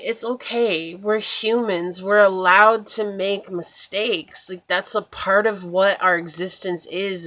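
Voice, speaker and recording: A woman's voice: fairly low pitch, a bit bright. A woman giving a casual spiritual tarot reading, chatty and meandering, reassuring her listeners and often checking in with "right?". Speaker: tarot reader.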